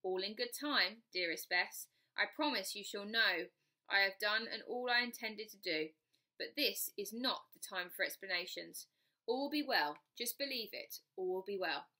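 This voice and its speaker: A woman's voice: mid-range voice, expressive, normal speed, pushed and bright. A woman doing a courtly old-fashioned ghost cousin. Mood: mysterious. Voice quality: archaic, courtly speech.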